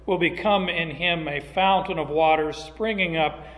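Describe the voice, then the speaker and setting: A man's voice: fairly high pitch, measured pace, fairly bright tone. A man preaching a sermon, emphatic and asking rhetorical questions of the congregation. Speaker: pastor. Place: church sanctuary. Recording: echoey hall sound.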